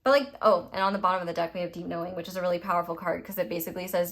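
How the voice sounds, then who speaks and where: A woman's voice: lowish voice, steady tone, very fast, few pauses. A young adult woman giving a casual tarot reading, rambling and gushing, filling her talk with "like" and some swearing. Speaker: tarot reader. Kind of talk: casual pick-a-card reading.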